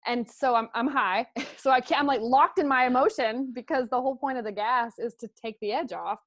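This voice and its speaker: A woman's voice: fairly high pitch, fairly quick, dry recording, studio quality. A middle-aged woman hosting a conversational interview, telling a personal story in an open, emotional way. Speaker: host.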